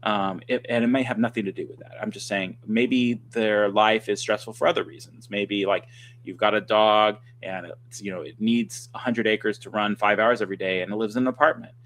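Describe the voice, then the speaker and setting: A man speaking as a guest dog trainer on a livestream, telling stories in an animated, conversational way with quick restarts. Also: fairly low pitch. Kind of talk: casual conversation. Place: livestream video call.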